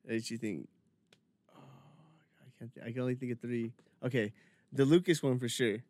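A man's voice: medium pitch, moderate pace, no echo. A young man chatting casually with a friend, easygoing and calling him bro. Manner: relaxed, chatty, says bro and dude. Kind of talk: casual chat.

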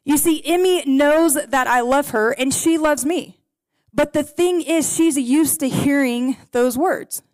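A woman preaching a sermon to a gathered congregation, earnest and story-driven, praying softly between readings. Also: high-pitched, unhurried, dry recording. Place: in a room with a gathered audience.

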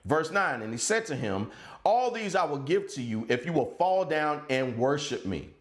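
A male pastor preaching a sermon with passion, his voice swinging from loud shouts down to low, quiet stretches. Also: sing-song, normal speed, echoey room. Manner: impassioned preaching, rising to shouts and dropping low.

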